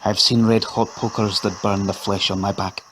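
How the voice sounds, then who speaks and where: A man reading an audio story, voicing a downtrodden, haunted wife who speaks in a measured, grave and despairing way. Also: fairly low pitch, level tone, a bit bright, a little hiss or hum, natural voice, low-quality recording. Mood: bitter, despairing.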